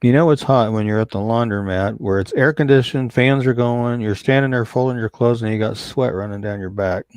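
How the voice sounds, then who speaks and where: A man from Kansas hosting a casual podcast live stream, easygoing and reading out viewer shout-outs. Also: mid-range voice, fairly quick, hardly any pauses, clear, resonant tone, dry recording. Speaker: podcast host.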